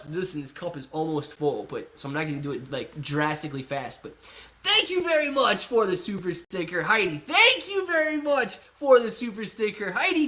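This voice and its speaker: Male live-stream host, slightly high pitch, relaxed chatty delivery peppered with "man" and "dude". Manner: chatty, laid-back, says "man" and "dude" a lot. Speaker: livestream host reading chat. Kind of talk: casual live-stream chat.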